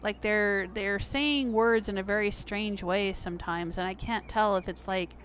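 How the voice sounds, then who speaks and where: A woman's voice: steady tone, a little slow, a bit bright. Middle-aged american lady chatting on her game stream, laughs a lot, faint hiss behind. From United States. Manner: chatty, laughs often, jumps to a high pitch when surprised. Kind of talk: casual livestream chat.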